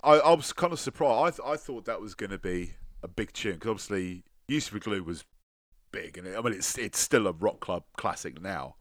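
Low-voiced man in dry chat. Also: expressive, dry recording. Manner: chatty, halting restarts, casual swearing. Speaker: podcast co-host. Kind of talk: casual music podcast chat.

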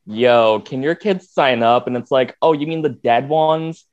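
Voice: mid-range voice, lively intonation, unhurried, highs cut off. A guest in a casual chat who rambles, packing the talk with "like" and acted-out quotes.

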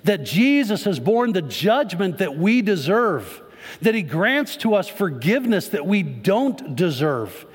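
A pastor's voice, high-pitched and very animated with a breathy edge, moves a little slowly through his sermon. He addresses the congregation conversationally, throwing them questions, and the church sanctuary adds long reverb.

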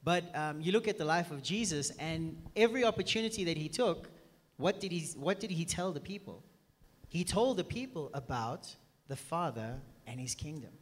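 Male preacher, fairly high voice, emphatic sermon delivery, long hall reverb. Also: animated, normal speed. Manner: emphatic, keeps asking "are you with me".

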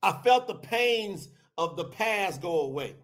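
A middle-aged man preaching a scripture talk on a livestream, his voice sitting high for a man. He preaches with fervor and bursts into shouts at the peaks. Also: animated, a little slow. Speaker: podcast host and preacher.

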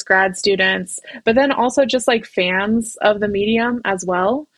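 A woman guest on a podcast who talks in a loose, casual way, with frequent "um" and "like" as she explains her work. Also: medium pitch. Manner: relaxed, with frequent "um" and "like" while explaining. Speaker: guest, writer and comics scholar. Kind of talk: casual interview talk.

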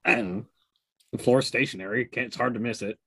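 A man's voice: mid-range voice, steady tone, fairly quick, fairly bright tone, slightly rough, dry recording, rough recording. A man at a tabletop game who talks in a casual, matter-of-fact way. He keeps checking how the rules work as he plays. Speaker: player.

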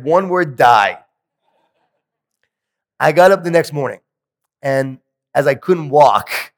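A man giving a motivational keynote speech at a conference, telling animated stories with self-deprecating humor. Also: mid-range voice. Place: large conference hall. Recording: long hall reverb.

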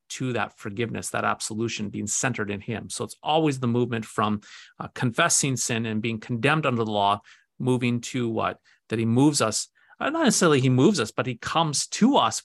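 A man, a pastor, explaining faith in a conversational way, acting out a story with lively restarts and repeated words. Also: mid-range voice, creaky, dry recording. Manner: animated storytelling with many restarts.

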